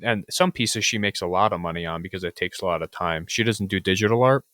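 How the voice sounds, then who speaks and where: A man hosting a podcast, asking blunt questions in a relaxed, casual way. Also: low voice, fast, no echo, studio quality. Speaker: podcast host. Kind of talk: casual chat.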